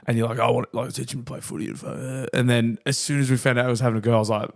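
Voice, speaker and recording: A man's voice: mid-range voice, level tone, vocal fry. Blokey Australian man in his thirties. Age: 30s. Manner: blokey, swearing, quick reactions. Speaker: podcast guest. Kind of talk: casual banter.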